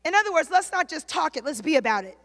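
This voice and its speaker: Woman pastor preaching on a handheld mic, high voice, big echoey church hall. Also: very animated, fast. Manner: preaching with rising shouts and repetition. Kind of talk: sermon. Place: church sanctuary. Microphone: handheld microphone. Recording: long hall reverb.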